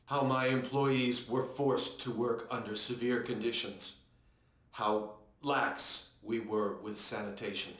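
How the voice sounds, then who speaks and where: An actor playing a male company chief giving a press conference, speaking in a flat, robotic way. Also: mid-range voice, slow pace, reverberant. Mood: stiff, formal.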